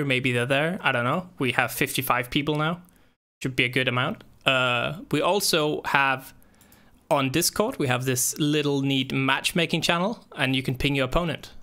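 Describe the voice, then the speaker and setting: Hosting a gaming tournament stream he also organizes, this young man rambles in casual chat, swearing often and using plenty of fillers. He speaks at a medium pitch with a bright, forceful tone.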